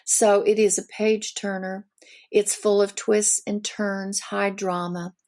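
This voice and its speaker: A woman's voice: medium pitch, little pitch movement, slow, a little mellow. An older woman with a Southern accent, from the Missouri Ozarks, telling her story as a guest author in an interview.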